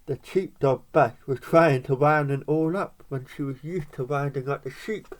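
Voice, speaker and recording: A parent reading a picture book aloud to a child, breaking off for chatty asides and little laughs. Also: mid-range voice.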